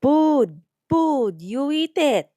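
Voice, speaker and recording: A woman doing a high, insistent old grandmother. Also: very animated, very slow, dark tone, no echo, studio quality, heavily acted. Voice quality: mumbling, broken English. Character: mumbling old grandmother without dentures.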